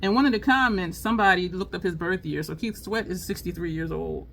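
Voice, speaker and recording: A woman's voice: brisk, creaky. Woman, beauty vlogger, casual chat, laughing storyteller, faint noise behind. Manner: chatty, laughing storyteller, lively swings in pitch. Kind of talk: casual chat while doing makeup.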